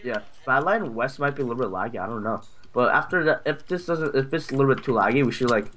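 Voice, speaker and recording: A man's voice: medium pitch, fast, slight background noise. A man hosting a casual gameplay video, rambling with lots of fillers and yelping when things go wrong. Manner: excitable and rambling, full of fillers and yelps. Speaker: gaming video host.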